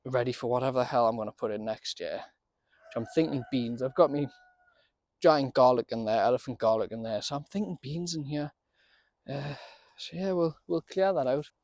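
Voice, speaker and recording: A man's voice: mid-range voice, fairly even intonation, normal speed, a little mellow, no echo. A man giving a casual, chatty running commentary while he works on his allotment garden outdoors, often laughing and talking to himself.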